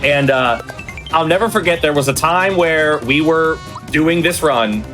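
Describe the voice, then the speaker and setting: A man's voice: fairly high pitch, unhurried, a bit bright. A man speedrunning live, telling rambling stories and explaining the game as he plays. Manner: rambling storyteller, many fillers. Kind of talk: casual live commentary while playing. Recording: game music behind the voice.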